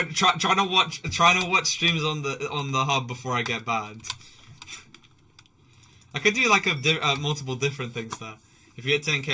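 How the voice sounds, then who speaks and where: A man's voice: medium pitch, sharp tone, slight background noise. A man streaming live while playing a game, chatting in a rambling way with restarts, swearing and laughter. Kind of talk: casual live-stream chat while gaming.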